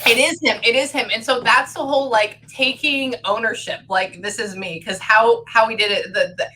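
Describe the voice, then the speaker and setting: A woman working as a psychic medium, giving a chatty, excitable reading to a client over a call. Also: fairly high pitch, moderate pace. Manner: excitable, chatty, filler-heavy.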